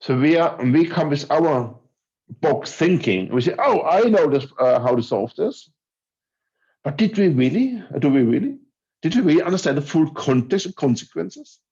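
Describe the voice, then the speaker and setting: A man's voice: on the high side, expressive, normal speed, dark tone. Man giving an online talk. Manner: conversational, hesitant, with filler restarts. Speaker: conference speaker. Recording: dull lo-fi audio.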